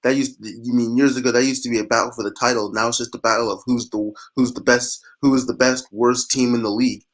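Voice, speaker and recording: A man's voice: medium pitch, steady tone, quick pace. A man calling in to a football fan show, exasperated and theatrical about his team.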